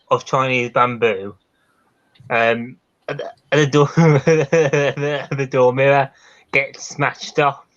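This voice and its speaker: A man's voice: medium pitch, fairly bright tone, highs cut off. A man in a casual podcast chat who stumbles and repeats words as he starts his points.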